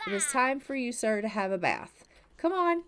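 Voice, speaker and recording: A woman's voice: high voice, big pitch swings, moderate pace, fairly bright tone, smooth. A woman voicing a worn-out, firm but loving father in a life-sim game story. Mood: stern. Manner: stern, patient, parental. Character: tired, firm but loving young dad.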